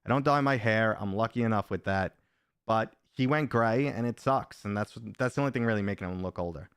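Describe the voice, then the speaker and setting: A man's voice: fairly low pitch, brisk, smooth, no echo, studio quality. A middle-aged man chatting casually on a live stream, rambling and joking while reading viewers' comments aloud.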